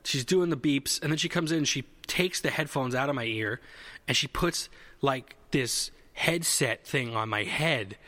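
A man's voice: medium pitch, a little slow, a bit bright, big-room sound. A man telling a long, rambling comedic story in casual chat, correcting himself mid-sentence and swearing freely.

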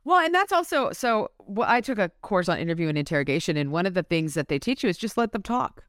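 Low-voiced woman reading and chatting. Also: sing-song, fast, a bit bright, no room sound, clean studio sound. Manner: casual, reads passages then riffs and swears. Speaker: podcast co-host. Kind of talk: book club podcast, reading aloud and discussing.

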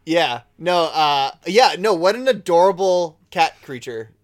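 A man's voice: a little high, lively intonation, measured pace. A man co-hosting a casual podcast, chatty and often laughing, with plenty of filler words. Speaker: podcast co-host. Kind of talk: casual chat about anime.

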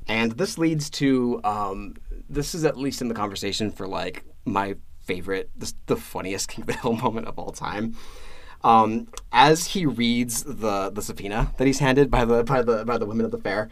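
A man's voice: medium pitch, normal speed. A man co-hosting a casual podcast, talking with many restarts and repeated words and laughing as he retells scenes. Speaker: podcast co-host.

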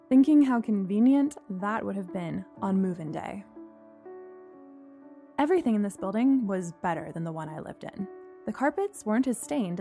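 Animated woman reading a first-person story. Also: mid-range voice. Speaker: narrator.

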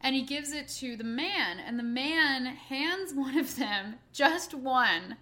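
Woman nanny, casual podcast chat, animated laughing storyteller, high and bright. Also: slow. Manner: animated, laughing storyteller who acts out quotes.

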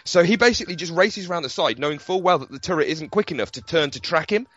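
A man's voice: a little high, fast, lo-fi sound. A man chatting casually about video games on a podcast, telling stories with lots of swearing and laughter. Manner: animated storytelling with swearing and laughter. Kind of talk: casual gaming chat.

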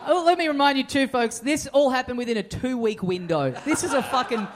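Comedy podcast host, dry teasing. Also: male voice, very high voice, a little fast, noisy background. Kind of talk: live comedy podcast banter.

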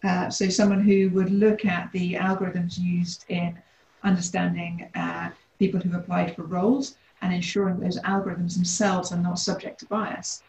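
A woman co-hosts a casual discussion, her voice on the low side for a woman. She explains her points in a measured, deliberate way, and the recording carries a roomy echo. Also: flat delivery, vocal fry, darkish tone. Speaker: co-host, leads people teams.

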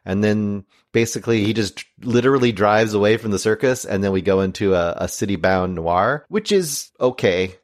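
A man co-hosting a film podcast, laying out his opinions in a measured way. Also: lowish voice, dry recording, studio quality. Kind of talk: casual movie review chat.

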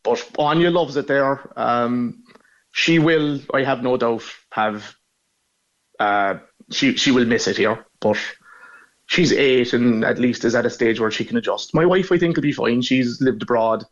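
A man's voice: mid-range voice, measured pace, muffled recording. A man in his forties with a northside Cork accent, a caller telling stories in a frank, easygoing way. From Ireland. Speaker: caller living abroad. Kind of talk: casual phone interview.

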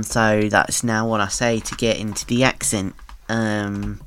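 A voice actor chatting casually between takes, giggling often and unhurried. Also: medium pitch, flat delivery, a bit bright, clear, resonant tone.

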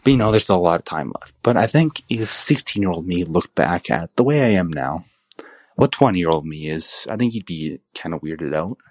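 A man's voice: low voice, animated, moderate pace, a little mellow, no echo. A twenty-year-old man calling in with a friendly, self-mocking message. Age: 20s. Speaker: caller. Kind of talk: voicemail message.

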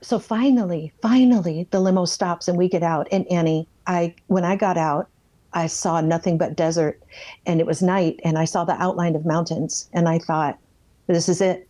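Mellow-voiced woman telling her story bluntly. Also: lowish voice, steady tone, moderate pace. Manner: vivid storyteller who acts out her own past thoughts; blunt, plain-spoken, self-censors swearing. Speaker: interviewee sharing her life story. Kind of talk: candid personal testimony.

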